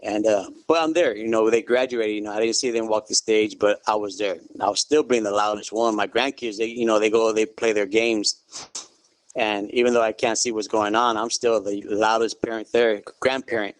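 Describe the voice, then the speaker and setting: A middle-aged man speaks in a low, easygoing voice as an interview guest, working "you know" into almost every sentence. He keeps a good-natured humor as he talks. The recording is close and dry, with no room sound. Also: moderate pace, no echo. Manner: relaxed storytelling, full of "you know". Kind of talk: casual interview.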